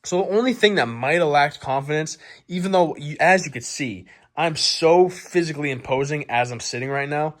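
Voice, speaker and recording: A man's voice: a little high, normal speed, few pauses. A man hosting his own channel, telling a comic story in a crude, boastful way with lots of swearing. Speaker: vlog host. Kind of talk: profane comedic storytelling.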